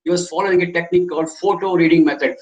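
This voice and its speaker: A man's voice: on the high side, fairly even intonation, racing, a little mellow, echoey room, low-quality recording. A man, a memory trainer giving an online webinar lecture, who repeats his phrases and keeps asking the audience questions. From India.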